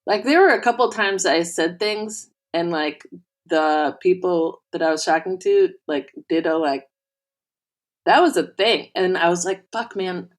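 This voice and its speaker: A woman's voice: fairly low pitch, measured pace. A woman co-hosting a podcast, chatting casually and rambling with many fillers. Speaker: podcast co-host. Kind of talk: casual chat.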